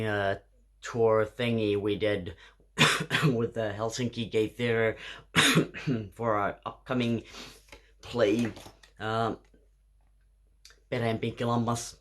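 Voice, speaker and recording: A man's voice: on the low side, little pitch movement, takes it slowly, long pauses, fairly bright tone. A tipsy man telling a rambling story at home late at night, coughing now and then and restarting his sentences. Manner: rambling, with filler words and restarts. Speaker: drag performer vlogging. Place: home, indoors.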